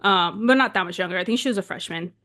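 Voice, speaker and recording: A woman in her twenties from Southern California, co-hosting a podcast and telling a story in a casual, animated way, full of "like" fillers. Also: mid-range voice, quick pace. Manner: animated, chatty, heavy use of "like" fillers. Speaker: podcast co-host.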